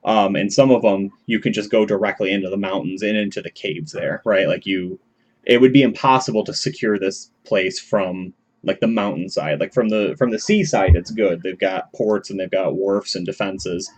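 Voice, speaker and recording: A man's voice: low voice, normal speed, slightly rough. A man narrating a tabletop game as game master, talking loosely with many fillers. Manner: rambling, many fillers and restarts.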